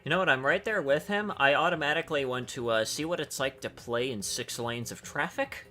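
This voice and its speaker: Sharp-toned sarcastic man. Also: mid-range voice, fairly quick, soft background music. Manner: crude, sarcastic joking. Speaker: stream co-host. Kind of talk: casual stream chat.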